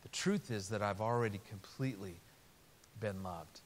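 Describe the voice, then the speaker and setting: A middle-aged man giving a sermon in a storytelling way, animated and humorous by turns, then earnest. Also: on the low side, normal speed. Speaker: Christian speaker. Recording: reverberant hall with faint hiss.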